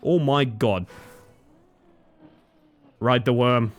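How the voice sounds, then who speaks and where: A man live-streaming a game, reading chat aloud and joking, swinging between excited yelps and low mutters. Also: drawn-out words, faint music behind. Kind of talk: casual live-stream chat while gaming.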